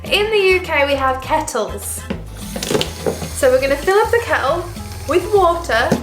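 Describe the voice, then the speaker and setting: Lively, high-voiced woman vlogging. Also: unhurried, reverberant, over music. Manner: chatty and playful, jokey asides. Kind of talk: casual vlog chat. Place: home kitchen with washing machine running.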